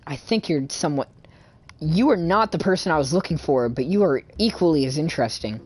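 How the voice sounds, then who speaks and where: A man's voice: a little high, lively intonation, fairly quick, husky. A young man casually commenting while live-streaming a fantasy game, swearing and rambling with frequent laughter. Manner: profane, giggly, rambling.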